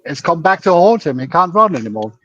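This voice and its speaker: A higher-voiced man talks loudly and casually on a fan podcast. His audio is dull and distant, like a weak call line. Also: big pitch swings, brisk. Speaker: panel guest.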